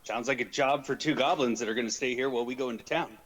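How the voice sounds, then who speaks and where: A man's voice: medium pitch, fast, a bit bright, rough recording. A man playing a tabletop game, arguing bluntly and offhandedly with the table. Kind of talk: casual chat at the game table.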